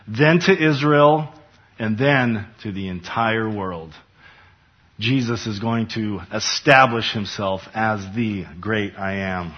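Husky-voiced pastor teaching scripture. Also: male voice, medium pitch, lo-fi sound. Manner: emphatic, rising for scripture quotes. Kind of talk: Bible study sermon.

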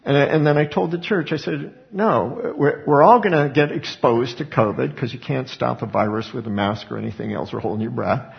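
Middle-aged male pastor, gravelly voice, chatty stop-start preaching, dull lo-fi sound. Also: mid-range voice, normal speed, few pauses. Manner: conversational preaching with repeated word restarts. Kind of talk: sermon. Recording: dull lo-fi recording.

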